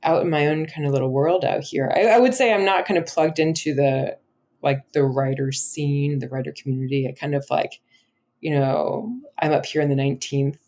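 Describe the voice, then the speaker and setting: An American woman in her thirties, a travel journalist talking as an interview guest in a chatty, animated way, full of filler words and restarts. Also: sits low, normal speed. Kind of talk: conversational interview.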